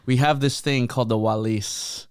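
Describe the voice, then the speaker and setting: A man's voice: medium pitch, steady tone, normal speed, clear, resonant tone, dry recording, clean studio sound. Laid-back young man joking around on a podcast. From Filipino-American family. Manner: laid-back and joking, lots of slang like "hella" and "bro". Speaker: podcast co-host. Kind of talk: casual chat.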